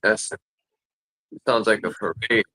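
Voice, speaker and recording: A man's voice: lowish voice, steady tone, slow pace, bright, forceful tone, slightly rough, no echo. A man hosting a loose, rambling voice chat with friends. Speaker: host. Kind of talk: casual voice chat.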